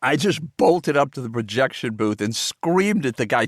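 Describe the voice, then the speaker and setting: A man, a film director, telling his own story as audiobook narration in a lively, animated way. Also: fairly high pitch, normal speed, few pauses, no echo, clean studio sound. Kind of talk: oral-history audiobook narration.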